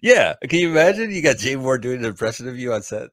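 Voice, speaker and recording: A man's voice: mid-range voice, very animated, a little fast, a bit bright, no room sound, studio quality. A man hosting a podcast, giving jokey, casual commentary over a movie. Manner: jokey, riffs on the film, playful bits of voices. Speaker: podcast host.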